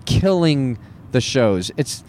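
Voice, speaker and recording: A man's voice: mid-range voice, very animated, slow, a little mellow, a little hiss or hum. A man who works as a stand-up comedian, talking in a casual, self-deprecating monologue with wry laughs.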